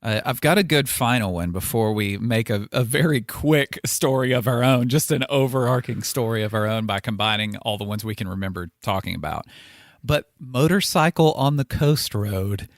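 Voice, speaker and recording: A man's voice: mid-range voice, moderate pace, dry recording. Chatty male podcast co-host, dry sound. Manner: animated, acts out quoted lines in a raised voice. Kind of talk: casual chat.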